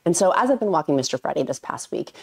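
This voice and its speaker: A woman with a low-pitched voice talks to her viewers in a casual vlog. She speaks candidly, drifting between tangents and restarting her sentences. She is recorded on a camera or phone microphone. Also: big pitch swings, fast talker, creaky, darkish tone, husky. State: tearful, getting emotional. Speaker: vlogger.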